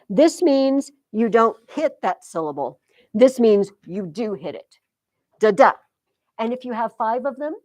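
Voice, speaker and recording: A woman teaching high school English, talking her class through poetry in a loose, chatty way. She sounds close and dry in the classroom. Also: darkish tone, no room sound. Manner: chatty, explains with sing-song rhythm examples. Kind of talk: classroom lecture.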